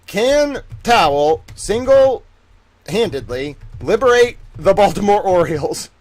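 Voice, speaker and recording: A man hosting a livestream in casual chat, animated, exclamatory and jokey. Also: a little high, measured pace. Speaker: livestream host.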